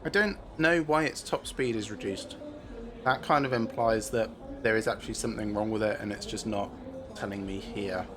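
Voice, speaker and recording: A man giving casual gameplay commentary as a streamer, thinking aloud with many filler pauses. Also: on the low side, music in the background.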